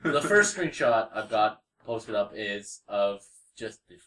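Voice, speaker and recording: A man's voice: lowish voice, lively intonation, slow pace, bright, forceful tone. A man co-hosting a gaming podcast, rambling through a game story with lots of "like" and giggles. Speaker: podcast co-host. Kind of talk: casual gaming chat, telling a game story. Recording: echoey room, distant mic.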